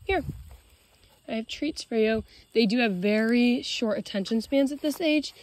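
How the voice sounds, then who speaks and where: A woman dog trainer explaining leash walking while praising her dog in a bright, high voice outdoors. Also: moderate pace. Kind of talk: narrating a leash-training demo.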